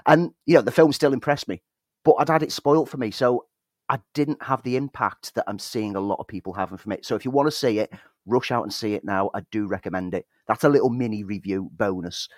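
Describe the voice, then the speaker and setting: Man, British accent, chatty storyteller, low pitch, dry close sound. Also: brisk, dry recording. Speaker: podcast co-host. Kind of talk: casual chat.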